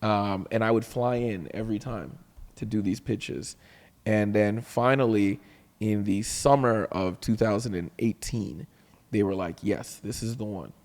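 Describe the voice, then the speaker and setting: A man from Canada, a comedian guest telling an animated anecdote, acting out the voices of others and often laughing. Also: fairly low pitch, unhurried, in a large hall. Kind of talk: storytelling anecdote.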